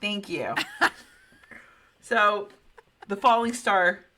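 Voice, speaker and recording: Brief: chatty, profane woman storyteller in her 30s with a forceful tone. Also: mid-range voice, animated, very slow. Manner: chatty, profane, laughing asides. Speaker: podcast host. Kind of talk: casual storytelling.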